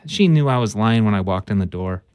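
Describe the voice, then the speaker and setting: A man's voice: on the low side, expressive, fairly quick, a little mellow, smooth, no room sound, clean studio sound. Playful male radio co-host. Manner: playful, joking. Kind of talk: casual talk radio chat. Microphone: studio microphone.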